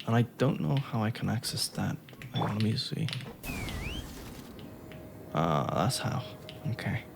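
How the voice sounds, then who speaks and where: A man's voice: lowish voice, lively intonation, measured pace, vocal fry, noisy background. A man giving casual commentary on his own gameplay, thinking aloud and chuckling to himself. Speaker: gaming YouTuber.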